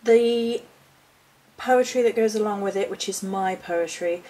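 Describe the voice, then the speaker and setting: A woman's voice: medium pitch, measured pace, dark tone. Give me a woman talking passionately and expressively about witchcraft and nature on her vlog. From United Kingdom. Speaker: hedge witch and altar maker. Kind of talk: spiritual vlog talk.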